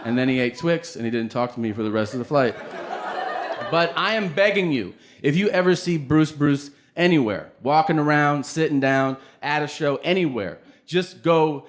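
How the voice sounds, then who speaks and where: Male stand-up comedian; crude, animated storyteller with a lively, swinging delivery, recorded live with noise. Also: fairly high pitch, moderate pace, crowd noise.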